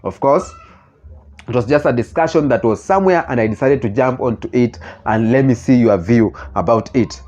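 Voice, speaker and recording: A man with a Kenyan accent hosting his own channel, talking earnestly in halting phrases and often restarting mid-sentence as he reacts to comments. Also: medium pitch, darkish tone. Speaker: channel host. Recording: slightly muffled lo-fi recording.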